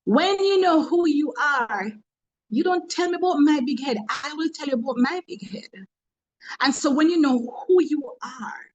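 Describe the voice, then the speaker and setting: A woman's voice: high-pitched, dull audio. A woman with a Jamaican accent, a motivational speaker in a webinar talk, humorous and preachy, telling stories from work.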